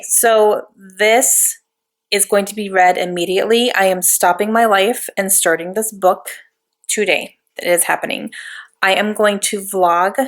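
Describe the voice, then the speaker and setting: A woman vlogging about a new book at home, gushing and bubbling over with excitement. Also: mid-range voice. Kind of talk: excited casual vlog. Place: home couch.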